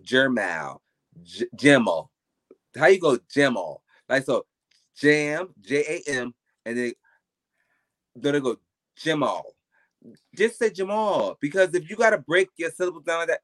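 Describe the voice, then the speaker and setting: A man's voice: a little high, animated, measured pace, fairly bright tone. A man, a podcast guest, telling stories in casual interview chat with a blunt, emphatic and profane manner.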